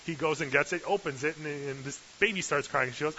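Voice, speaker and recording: A man's voice: a little high, a little fast, hardly any pauses, bright, forceful tone, breathy edge. A male preacher giving a sermon with humorous, sarcastic asides, in a dull lo-fi recording with hiss.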